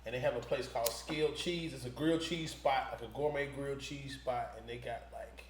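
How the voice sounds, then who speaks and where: A man from Atlanta, a podcast guest, chatting casually in a relaxed, slangy, rambling way. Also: mid-range voice, brisk. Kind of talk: casual chat. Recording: roomy studio sound with faint noise.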